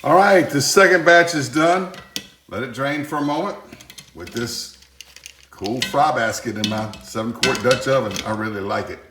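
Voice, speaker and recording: A man's voice: mid-range voice, normal speed, fairly bright tone, slight background noise. Folksy man cooking in an echoey kitchen. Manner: rambling, folksy, joking asides. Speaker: home cook hosting a cooking channel. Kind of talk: casual cooking demonstration. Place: home kitchen, indoors. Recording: echoey kitchen with clattering pots.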